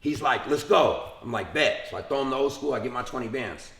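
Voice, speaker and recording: A young man speaking casually in an interview, retelling events in a lively way, acting out the people he quotes, with lots of profanity. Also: mid-range voice, a little fast, vocal fry, reverberant. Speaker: interview guest.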